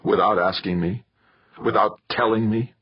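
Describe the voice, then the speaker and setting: A man's voice: on the low side, steady tone, moderate pace, no room sound, dull audio, voice pushed up. A man reading an audiobook, voicing a stern, suspicious father who grumbles at his son. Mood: gruff. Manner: gruff, suspicious.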